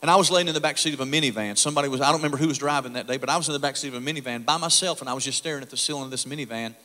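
A man's voice: medium pitch, very fast. A middle-aged man giving a testimony sermon, confessional at first, then fervent. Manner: quiet and confessional, building to fervent preaching. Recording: echoey hall reverb.

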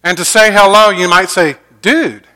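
A middle-aged pastor preaching a sermon earnestly, moving between loud emphasis and soft, quiet lines. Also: male voice, fairly high pitch, measured pace.

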